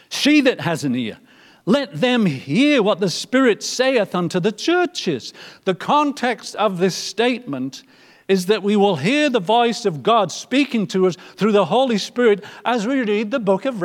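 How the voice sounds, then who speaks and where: A man preaching a sermon, moving from loud emphatic lines to soft, almost whispered ones. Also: sits high, in a large hall.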